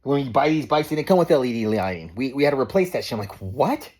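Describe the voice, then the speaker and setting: A man's voice: mid-range voice, animated, rapid-fire, darkish tone. A man in his forties, ranting in a heated, profane vlog monologue, stumbling over repeated words and tacking "man" onto his sentences. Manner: repeats and restarts words when worked up. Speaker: motorcycle owner vlogger.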